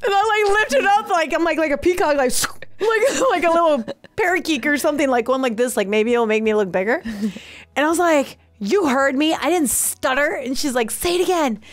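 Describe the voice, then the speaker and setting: A woman's voice: high-pitched, expressive, moderate pace. A woman, co-hosting and telling a long story with lots of laughter and acted-out voices. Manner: acts out voices, frequent laughter. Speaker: co-host. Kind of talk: animated storytelling.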